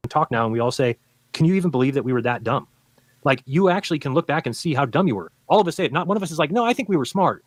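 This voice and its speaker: A man who used to be a flat earther arguing in a debate, explaining insistently and acting out what other people say. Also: on the high side, no echo. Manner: rapid, insistent explaining with quoted voices. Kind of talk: debate argument played from a recorded stream.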